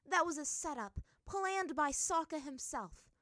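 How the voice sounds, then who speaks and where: Brief: woman voicing a furious young princess fighter for an audiobook, pitched well above her own voice, loud. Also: lively intonation, a little slow, no room sound, studio quality. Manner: shouting, furious.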